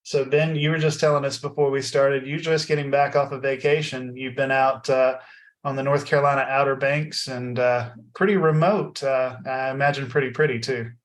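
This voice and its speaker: A man hosting a tech podcast in a casual, friendly way, often pausing with fillers. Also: medium pitch, steady tone. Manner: friendly, halting, many fillers. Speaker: podcast host.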